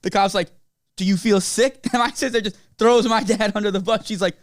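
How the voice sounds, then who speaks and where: High-voiced young man chiming in. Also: steady tone, fast talker, no room sound, clean studio sound. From Long Island, New York. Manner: chiming in, casual slangy storyteller. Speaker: podcast co-host. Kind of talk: casual storytelling chat.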